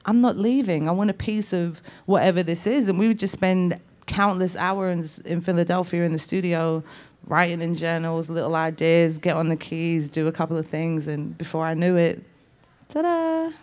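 A woman with a Liverpool accent, a songwriter guest telling lively stories in a casual interview. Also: fairly low pitch, normal speed. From England. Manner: animated storyteller, acts out quoted voices and laughs.

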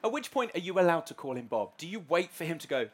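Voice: medium pitch, very animated, fast. An interviewer asking questions and teasing the guest with jokes. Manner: joking, teasing banter. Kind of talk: casual interview chat.

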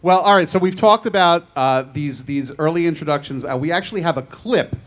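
A man's voice: fairly high pitch, a little fast, a bit bright. An American man hosting an interview on stage, joking, enthusiastic and fumbling the starts of his sentences. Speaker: host.

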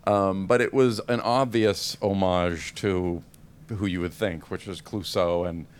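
A man's voice: sits low, fairly even intonation, unhurried, clear, resonant tone. A man answering questions as a guest at a live film Q&A, hesitant and self-deprecating, with many restarts and laughs. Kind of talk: casual panel Q&A. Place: event hall with live audience.

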